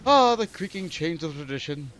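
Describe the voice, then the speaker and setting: A man's voice: a little high, animated, moderate pace, fairly bright tone. A man voicing a formal, courtly male mentor, reading game dialogue aloud in an old-fashioned way.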